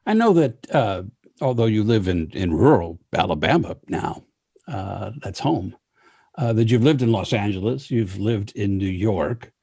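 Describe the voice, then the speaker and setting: A man hosting an interview, asking measured questions with frequent pauses and fillers. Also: fairly low pitch, animated, mellow, husky, no echo. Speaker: interviewer, host.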